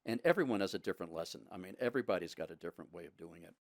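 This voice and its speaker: Deep-voiced man, measured podcast talk. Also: expressive, no room sound, clean studio sound. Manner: measured, reflective, many restarts. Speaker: podcast co-host. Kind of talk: casual podcast conversation.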